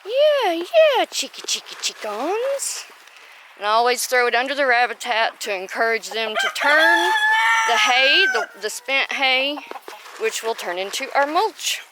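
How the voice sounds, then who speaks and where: Outdoors at the chicken and rabbit pens, a woman who vlogs about homesteading talks casually through her farm chores and keeps breaking off to coo at her hens by name. She speaks at a fairly high pitch and a moderate pace, sounding animated, pushed and bright. There's a slight hiss or hum in the recording.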